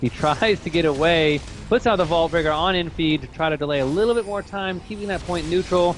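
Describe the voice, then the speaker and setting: A man's voice: on the high side, slight background noise. Man calling esports play-by-play. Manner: rapid, steady play-by-play calling. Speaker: esports commentator.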